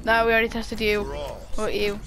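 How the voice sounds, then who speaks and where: A woman giving excited, giggly commentary while playing a game, yelping and shouting at what happens on screen. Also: medium pitch, fairly quick, gravelly, background noise. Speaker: gaming video host.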